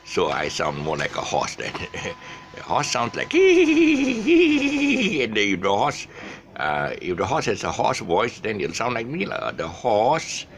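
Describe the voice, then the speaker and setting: An older man gives a casual lesson in a very low, hoarse and gravelly voice. His pitch rises and falls widely as he stumbles through fillers and restarts, and a faint room hiss sits behind him. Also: sing-song, fairly bright tone. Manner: halting, many fillers and restarts, chuckles at his own jokes. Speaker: English teacher. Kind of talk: informal recorded lesson.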